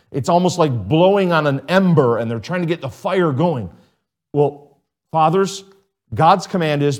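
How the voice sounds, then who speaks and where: A middle-aged pastor with a darkish tone delivers a sermon in an earnest, conversational manner. His pitch and volume jump suddenly at times.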